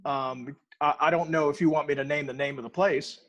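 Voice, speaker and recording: A man's voice: fairly high pitch, fairly even intonation, brisk, fairly bright tone. A middle-aged man, a guest barbecue cook, telling a story in casual chat and acting out both sides of it.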